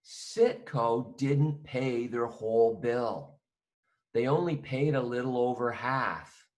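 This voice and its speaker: Man, accounting teacher, slow delivery, mid-pitched voice, conversational lesson. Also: darkish tone. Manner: slow, acts out both sides of a phone call.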